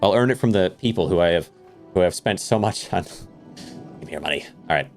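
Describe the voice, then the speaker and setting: A man's voice: sits low, lively intonation, a little fast, darkish tone, faint music behind. A man giving joking, casual commentary while playing a game, laughing often and reading the dialogue aloud. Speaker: let's play streamer.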